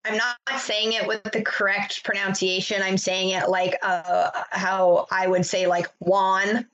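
A woman's voice: medium pitch, flat delivery, a little slow, a bit bright. Easygoing woman on a dull lo-fi mic. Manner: laid-back, loose, with lots of fillers. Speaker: podcast co-host. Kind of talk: casual chat.

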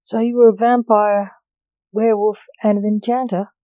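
A woman voicing an excitable masked man in a chicken suit, eager and enthusiastic, in a storybook reading. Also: medium pitch, normal speed, no echo, close to an everyday voice, rough recording.

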